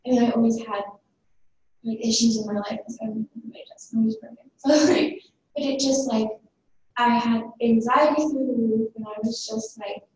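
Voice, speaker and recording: A teenage girl talks on a panel in a chatty, rambling way, peppering her story with "like" and quick little asides. Her voice sits a bit high and comes from some distance, in a very echoey room with a faint hiss behind. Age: teens. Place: large room at an event.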